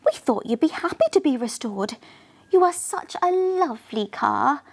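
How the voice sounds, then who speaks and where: A woman voicing Luxie, a proud, bubbly young girl electric car, with a high, excited delivery. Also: moderate pace, creaky.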